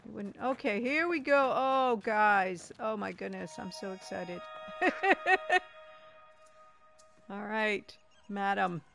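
A woman playing a video game and chatting casually, excitable, with frequent gasps and giggles. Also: medium pitch, slow pace, gravelly, long pauses, faint music behind. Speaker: let's play gamer.

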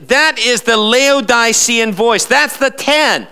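Male pastor preaching live, smooth clear voice, pushy rhetorical questions. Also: very high-pitched, slow pace, bright, forceful tone. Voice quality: emphatic, with sarcastic rhetorical questions. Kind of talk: live sermon. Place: church.

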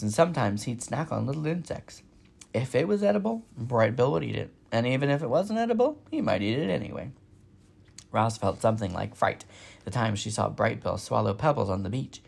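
A man reading a children's novel aloud with steady, expressive narration. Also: medium pitch, vocal fry, breathy edge. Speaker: storybook reader.

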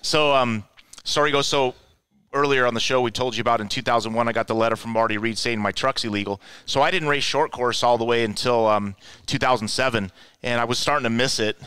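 A man tells stories in a casual, animated way, jumping into the voices of the people he quotes. His voice is bright and clear. The recording is dry, with little room sound. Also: mid-range voice, brisk, no echo. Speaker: guest, offroad racer. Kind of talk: casual storytelling.

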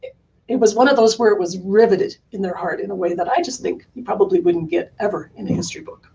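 Middle-aged woman, guest on a chat podcast, lively and earnest, quick laughs, mid-range voice. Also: medium pitch, highs cut off. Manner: animated, laughs often, earnest about books. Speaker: curriculum company founder, guest. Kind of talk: conversational interview.

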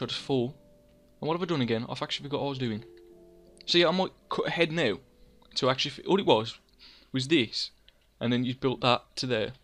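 A man's voice: medium pitch, fairly bright tone. Rambling, self-mocking young man. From England. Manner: rambling, self-mocking, talks to himself in third person. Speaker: gaming channel host. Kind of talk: casual gameplay commentary.

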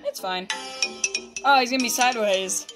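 A woman's voice: a little high, normal speed. Chatty woman hosting a game, music behind. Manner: chatty, upbeat, narrates on-screen text aloud. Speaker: gaming channel host. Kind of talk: casual let's-play commentary.

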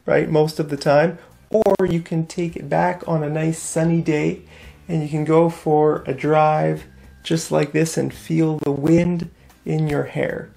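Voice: mid-range voice, level tone, a little slow, vocal fry, warm tone. A teacher giving a vocabulary lesson to English learners, repeating each new word and asking the class questions.

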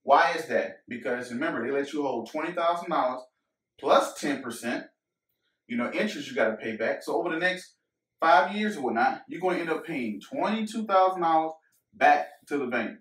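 Man, fairly high voice, casual finance explainer, echoey room, away from mic. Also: lively intonation, normal speed, fairly bright tone, distant mic. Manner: casual, repeats himself, talks to viewers as guys. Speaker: host of a finance channel. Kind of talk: whiteboard explainer to camera.

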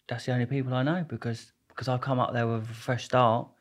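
A man's voice: mid-range voice, flat delivery, fast talker. Rambling jokey man. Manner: rambling, jokey, restarts a lot. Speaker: guest. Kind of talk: casual storytelling interview.

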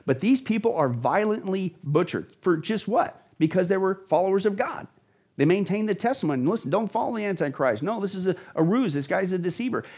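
A male pastor appears as a guest to explain Bible prophecy, delivering emphatic, dramatic teaching in conversation and repeating words for emphasis. His husky voice is high-pitched and darkish, animated and fairly quick.

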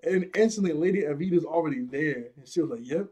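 A man's voice: on the high side, animated, fast, mellow, husky. A man casually recapping an anime episode, rambling and laughing often as he acts out characters' lines. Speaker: anime reviewer.

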